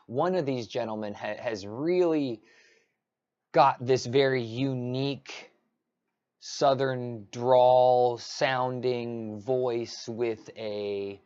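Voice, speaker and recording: A man's voice: mid-range voice, a little mellow, muffled recording. A man ranting casually on a livestream, rambling with many restarts. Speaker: live streamer.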